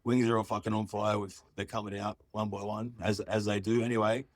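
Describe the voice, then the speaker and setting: A man's voice: fairly low pitch, flat delivery, brisk, no room sound, clean studio sound. A man calling in to tell a story, laid-back and sweary, full of slang. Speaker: caller.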